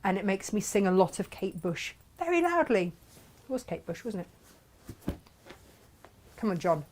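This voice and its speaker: A woman's voice: medium pitch, big pitch swings, moderate pace, a little mellow. A woman in her forties hosting a live craft show, chatting casually and laughing as she shows fabrics. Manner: chatty, laughing, trails off into asides.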